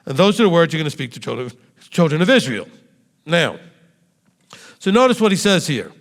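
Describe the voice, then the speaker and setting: Male rabbi, sermon, fairly high voice, very lively pitch, rhetorical questions to the congregation, long hall reverb. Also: fairly quick. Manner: animated, asks the congregation direct rhetorical questions. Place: meeting room with a congregation.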